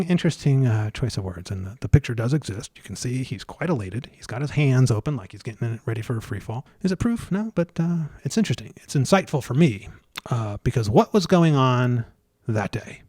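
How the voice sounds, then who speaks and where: A man telling a story in a casual interview, stumbling over restarts and fillers and getting animated as he retells scenes. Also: medium pitch, no echo, clean studio sound. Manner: halting, many restarts and fillers. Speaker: guest researcher.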